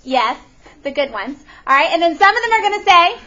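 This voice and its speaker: A woman teaching a math lesson to a classroom, animated and often questioning her students. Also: very high-pitched, fast, dull audio.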